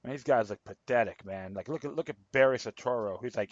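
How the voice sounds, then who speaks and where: A man's voice: mid-range voice, quick pace, few pauses, dry recording, muffled recording. A man hosting his own political commentary show, reading articles aloud and rambling, stumbling and repeating himself. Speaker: show host.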